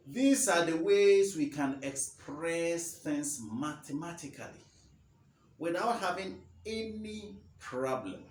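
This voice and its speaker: A man teaching a math lesson, slowly repeating key phrases for emphasis. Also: a little high, distant mic. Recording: roomy echo, faint ambience.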